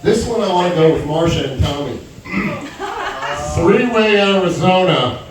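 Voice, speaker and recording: A man doing a stand-up comedy set in a small club, brash and crude with animated delivery. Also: sits high, normal speed. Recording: echoey club heard from far off. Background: audience chatter and laughter.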